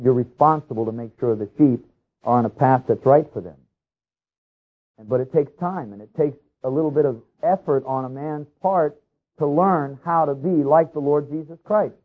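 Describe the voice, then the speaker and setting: A man preaching a sermon as a pastor, earnest and rising to loud pleading passages. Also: mid-range voice, slightly rough. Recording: tinny phone-like radio broadcast.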